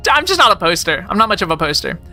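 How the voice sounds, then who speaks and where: A woman's voice: on the low side, sing-song, fast, sharp tone, soft background music. A woman in her late twenties chatting casually on a live stream, rambling and joking, with lots of "like" in her speech. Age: late 20s. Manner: rambling, jokey, heavy use of "like".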